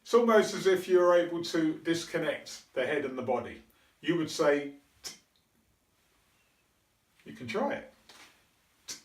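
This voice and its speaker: A man teaching a pronunciation lesson, slowly and carefully demonstrating sounds. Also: a little high. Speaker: English teacher. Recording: echoey room, mic at a distance.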